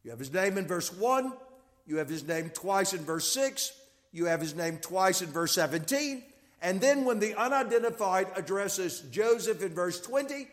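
A man's voice: high-pitched, fairly bright tone. A man teaching a Bible class, explaining step by step, repeating key points and checking that listeners follow. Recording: long reverb of a hall.

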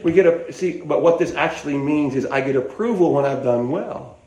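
A man's voice: on the high side, normal speed, darkish tone. An older man preaching a sermon in a folksy, rambling way, with restarts and asides, in an echoey hall.

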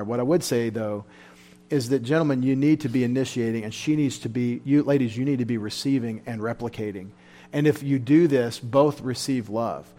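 Male pastor, sermon delivery, fervent and emotional, surges loud then drops low. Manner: fervent, emotional preaching with sudden loud rises. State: tired. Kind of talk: sermon at a Bible study.

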